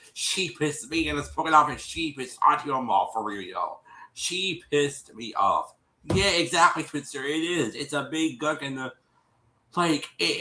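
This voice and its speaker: Guy on a stream ranting through a recap, bright voice, lots of restarts, roomy echo. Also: on the high side. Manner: animated, exasperated retelling with many restarts. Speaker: show host recapping an episode. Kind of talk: casual storytelling recap. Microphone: streaming setup. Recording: echoey room.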